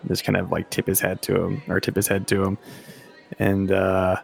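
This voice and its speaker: A man playing a tabletop game, describing his character's actions in a halting, hesitant way with many fillers. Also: low-pitched, completely flat delivery, vocal fry, a little mellow. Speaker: player.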